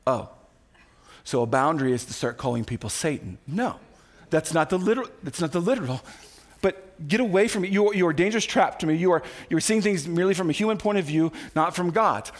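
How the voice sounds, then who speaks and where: A male pastor preaching a sermon, animated and conversational, acting out quoted voices with quick asides. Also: on the high side. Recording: recorded sermon audio.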